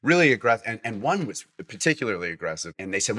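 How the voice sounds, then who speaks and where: Low bright-voiced man telling a story. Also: very animated, fast. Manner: rambling with restarts and acted-out quotes. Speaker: guest. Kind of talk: casual storytelling.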